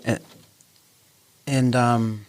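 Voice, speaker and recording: A man's voice: medium pitch, flat delivery, drawn-out words. A man with a New Zealand accent telling a personal story in a casual podcast chat, earnest, acting out the voices of the people in it. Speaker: podcast host.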